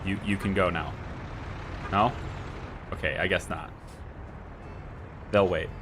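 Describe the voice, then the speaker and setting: A man's voice: low voice, steady tone, takes it slowly, noisy background. A man with a Scottish accent giving live gameplay commentary, musing aloud and chatting to viewers and to the little workers in his game. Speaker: streamer.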